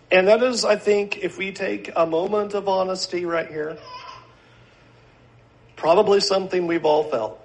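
A man with a fairly high voice preaches a sermon. He speaks earnestly and at a measured pace, often posing rhetorical questions to his listeners. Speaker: pastor.

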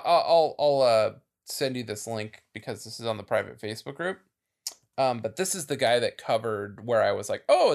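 Man, podcast co-host, gravelly voice with an animated pitch and a rambling, laughing delivery. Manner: chatty, laughing, trailing off with fillers. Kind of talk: casual chat.

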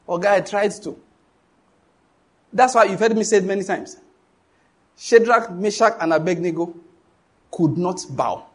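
A man's voice: sits high, slightly rough. A middle-aged man with a Nigerian English accent preaching a sermon, emphatic and questioning the congregation so they finish his lines.

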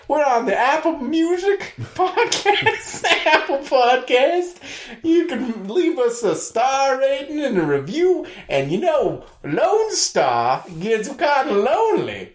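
A man's voice: very high-pitched, echoey room, exaggerated voice. A man voicing a rowdy, yee-hawing male Texan cowboy extra who hollers and drawls. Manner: hollering, whooping, drawling, laughing through it.

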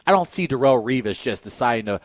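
A man co-hosting a sports radio show, giving animated, emphatic opinions in casual talk. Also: mid-range voice, fast talker, no room sound.

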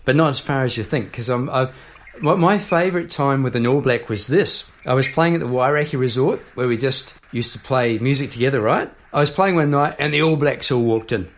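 A man's voice: medium pitch, fairly quick. A jovial, chatty man hosting a casual video chat, laughing easily. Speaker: host. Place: Melbourne.

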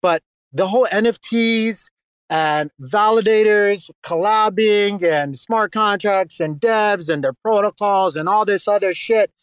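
A man on a casual online group call, who argues his point bluntly and forcefully and swears freely. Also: high voice, unhurried, clear, resonant tone, no room sound. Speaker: guest speaker on a voice call.

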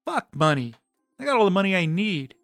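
A cocky, menacing gangster who sneers out his threats, as a male narrator voices him. The tone sits slightly high. Only faint music plays behind the dry voice. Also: big pitch swings, a little fast, vocal fry, a bit bright, dry recording, heavily acted. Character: ruthless mobster man, menacing and cocky.

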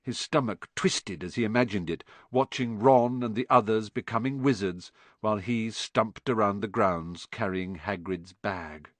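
A male narrator reads a storybook aloud with an expressive, lively delivery. His pitch rises and falls widely, and the close-miked sound is dry. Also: no room sound. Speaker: audiobook narrator. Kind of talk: scripted narration.

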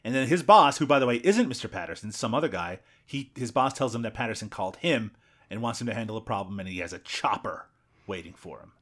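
A man's voice: fairly low pitch, animated, fast talker, a bit bright. A man co-hosting a podcast, retelling a movie's plot in casual chat with jokes and asides. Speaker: podcast co-host.

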